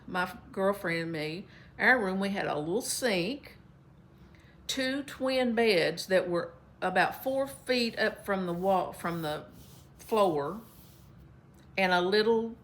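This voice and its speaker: A woman from Kentucky, telling a chatty, folksy story to her viewers. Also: fairly low pitch. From Kentucky, USA. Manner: folksy, chatty, warm storytelling with many fillers. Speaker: vlogger. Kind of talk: casual storytelling to camera.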